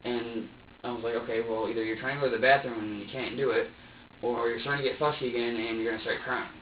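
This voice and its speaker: A man's voice: medium pitch, fairly even intonation, a little hiss or hum. A man in his twenties giving a rambling, profane statement during a police interrogation, stumbling over repeated words. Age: 20s. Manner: rambling, profane, halting repetitions. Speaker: suspect being questioned. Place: interview room. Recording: dull, distant, echoey room recording with faint ambience.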